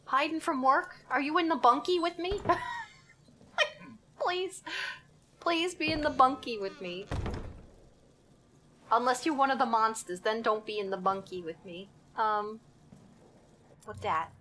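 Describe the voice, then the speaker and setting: A woman's voice: high-pitched, normal speed, bright, forceful tone, slight background noise. A young woman streaming a horror game live, talking to herself in a jittery, giggly way and swearing as she goes. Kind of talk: live gaming commentary.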